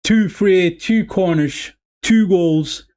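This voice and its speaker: Fan streamer, male, slightly high voice, excitable and repetitive, addresses viewers as "people". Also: slow pace. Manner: calls the play loosely, repeating himself. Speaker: watch-along streamer. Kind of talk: live football watch-along commentary.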